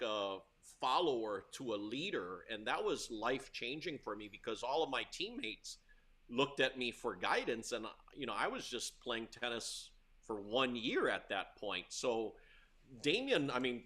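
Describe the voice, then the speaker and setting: As a guest telling tales from his school years, a middle-aged tennis coach from Hawaii laughs frequently and grows loud at the dramatic moments of this storytelling interview. His mid-range voice swings widely in pitch at a normal speed.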